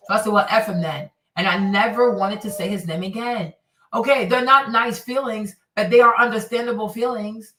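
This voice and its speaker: A woman's voice: mid-range voice, normal speed, sharp tone, slight background noise. A woman hosting casual reaction commentary. She talks straight to her viewers and acts out what the people she discusses say. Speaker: commentary host. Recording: roomy and slightly distant.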